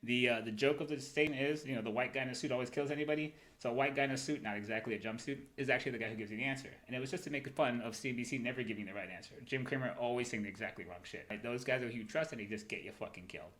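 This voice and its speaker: A man's voice: mid-range voice, a bit bright, poor audio. A man hosting a livestream, talking through market charts in a loose, profane way and tagging "right?" onto his points. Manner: fast, profane, wandering talk full of "right?". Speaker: livestream host running a crypto trading show. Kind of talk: casual livestream chart commentary.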